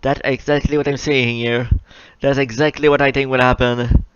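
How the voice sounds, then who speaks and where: A young man chats his way through a live question-and-answer session, reading each viewer question aloud before answering it with easy self-mockery. His voice sounds smooth and clear, but the recording is slightly muffled and dry, with no room around it. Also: mid-range voice, flat delivery, moderate pace, no room sound. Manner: chatty and self-mocking, reads questions aloud and answers them. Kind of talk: casual live Q&A chat. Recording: slightly dull lo-fi mic, dry.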